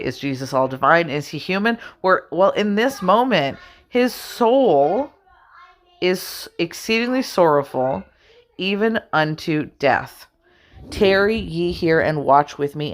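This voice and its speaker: A woman at home giving casual commentary on scripture, reading verses slowly and laughing often as she talks. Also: on the low side, a bit bright. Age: adult. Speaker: religious video host.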